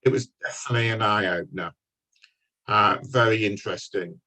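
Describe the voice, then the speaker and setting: An older man, a guest speaker telling wry, deadpan stories from his police career to an audience. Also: on the low side, moderate pace, poor audio. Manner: dry, wry storytelling with deadpan punchlines. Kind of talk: anecdotal talk to an audience.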